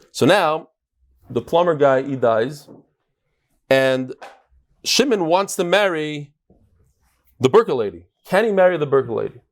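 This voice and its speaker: A man teaching a daily Talmud class to a live group in a study hall. He talks in an animated, joking way and walks through a chart. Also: medium pitch. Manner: animated, joking, explains with a chart and laser pointer.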